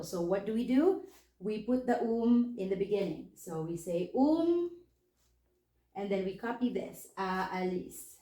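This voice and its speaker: A woman's voice: mid-range voice, dark tone, reverberant. A woman teaching a language lesson, patiently explaining step by step and checking in with questions. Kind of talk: spoken lesson.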